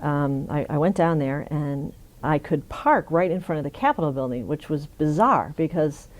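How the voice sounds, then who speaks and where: A woman's voice: low-pitched, lively intonation, normal speed. A middle-aged woman in an oral history interview, telling a funny story with frequent laughs. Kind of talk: conversational storytelling.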